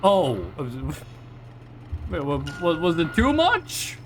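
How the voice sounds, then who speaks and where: Lively chatty young man streaming. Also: fairly high pitch, drawn-out words, background noise. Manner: rambling, chatty, reacting to chat with frequent restarts. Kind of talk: casual live-stream chat.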